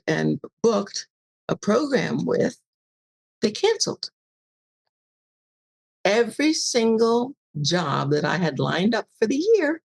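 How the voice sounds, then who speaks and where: An older woman shares a personal story as a guest on a casual interview show. Her voice is gravelly and husky, and she lively acts out the voices in her tale. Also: on the low side. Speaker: podcast guest.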